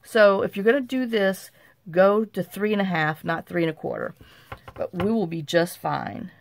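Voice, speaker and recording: Middle-aged woman, crafting tutorial host, gravelly fry in the voice, faint hiss behind. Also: mid-range voice, steady tone, normal speed. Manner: rambling, folksy and self-mocking.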